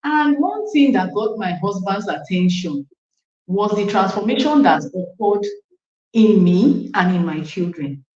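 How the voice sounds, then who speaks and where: Nigerian woman, thirties, animated testimony storyteller; roomy, slightly muffled recording. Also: medium pitch, unhurried. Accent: Nigerian English. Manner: animated storytelling with acted quotes, frequent asides to the coach. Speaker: parent sharing a testimony. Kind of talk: casual personal testimony.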